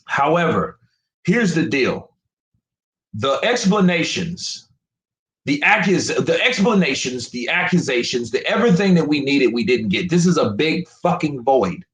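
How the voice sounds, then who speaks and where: A man's voice: fairly high pitch, very animated, a little slow, fairly bright tone, reverberant, low-quality recording. A man giving a live-stream rant about boxing, frustrated and profane, often repeating himself. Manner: emphatic, profane, repetitive.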